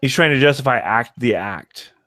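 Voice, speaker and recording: A man in a loose group chat, talking at an ordinary middle pitch and cutting in with quick jokes. The sound is dry and close, with no room around his voice. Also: expressive, bright, forceful tone, no echo. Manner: joking, interrupts often. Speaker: YouTuber guest.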